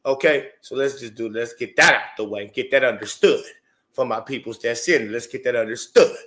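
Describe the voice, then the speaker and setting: A man hosting a casual livestream, talking excitedly, repeating himself and stumbling over restarts as he breaks things down for viewers. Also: mid-range voice, normal speed. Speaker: show host.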